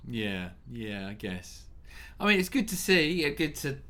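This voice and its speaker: A man's voice: medium pitch, sing-song, measured pace, bright, forceful tone. Chatty British man co-hosting. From Britain. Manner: laughs often, loose and chatty. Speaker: reaction video co-host. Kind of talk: casual reaction chat.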